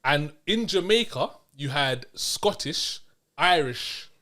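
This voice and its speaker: A man hosting a casual review podcast, talking in a loose, rambling way with plenty of restarts. His voice sits a little high for a man. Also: slow pace. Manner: relaxed, rambling, many restarts. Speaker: podcast host. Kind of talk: casual chat.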